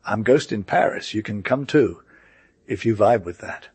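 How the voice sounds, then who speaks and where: A man playing a curt, dismissive gentleman gambler. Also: fairly low pitch, lively intonation, normal speed, slightly rough, no room sound. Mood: cool.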